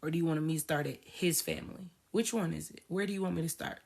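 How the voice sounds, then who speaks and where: A woman spiritual coach speaks in a casual, ranting commentary style and hammers points home by repeating them. Her voice sits on the low side and has a breathy, husky edge. She talks emphatically and swears freely. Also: fast, a little mellow.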